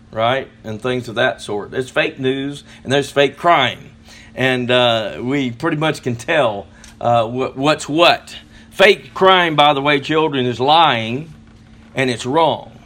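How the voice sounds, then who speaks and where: Middle-aged man, preacher, slightly high and bright voice, halting sermon delivery full of fillers. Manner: slow, halting delivery with many fillers and restarts; reads scripture slowly with emphasis.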